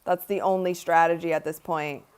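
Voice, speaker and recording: A young woman hosting a livestream offers casual commentary at a watch party, chatty but tired, yawning occasionally and saying "like" and "honestly" a lot. Her voice is lowish and clean, with fairly even intonation and a moderate pace.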